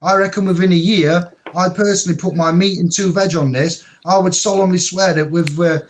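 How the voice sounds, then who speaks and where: High-pitched and a little fast, with fairly even intonation, a man speaks as a panel guest. His talk is impassioned, emotional and rambling, and he swears now and then.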